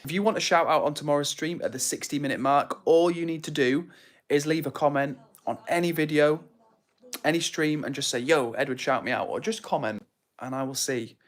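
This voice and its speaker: A man's voice: mid-range voice, a little fast. A young man hosting a livestream, casually reading viewer comments and greeting people by name in a friendly, upbeat way. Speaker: livestream host.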